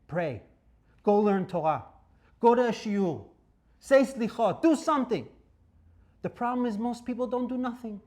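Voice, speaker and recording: Rabbi, high voice that leaps around, dramatic lecturer quizzing the room. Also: male voice, animated, unhurried, pauses often. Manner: dramatic, swings between loud bursts and hushed asides, asks the audience questions. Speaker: rabbi teaching a Torah class. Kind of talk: animated Torah lecture.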